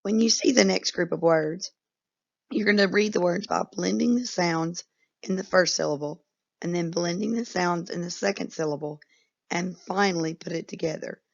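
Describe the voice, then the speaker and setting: A woman teacher leads a patient, unhurried phonics lesson for young children, stretching each word out. Her voice is a little low and has a gravelly edge. The recording sounds dull and lo-fi. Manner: patient, instructive, drawn-out words.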